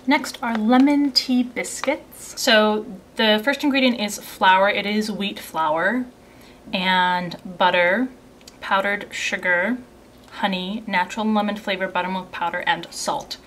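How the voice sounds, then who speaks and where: A young woman giving a casual unboxing and tasting review at home, reading ingredient lists aloud and slipping into soft, quiet asides. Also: medium pitch, fairly even intonation, slow pace, slight background noise. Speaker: beauty and subscription box vlogger.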